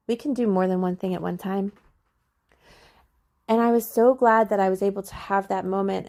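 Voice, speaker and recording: Young woman podcaster, bit of vocal fry, chatty and gentle, lots of likes. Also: medium pitch. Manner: soft, slow and soothing when recalling what she told him; casual, with many "like"s. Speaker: podcast host. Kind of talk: personal storytelling.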